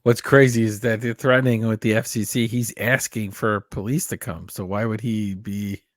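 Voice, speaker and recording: A man's voice: lowish voice, fairly even intonation, normal speed, no echo, studio quality. A man co-hosting a podcast, chiming in with joking, sarcastic asides in casual chat. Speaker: podcast co-host.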